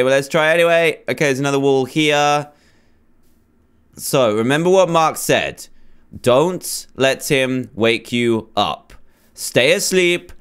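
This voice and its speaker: A man commenting nervously as he plays a horror game, pleading and reacting loudly to scares. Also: mid-range voice, smooth. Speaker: gamer.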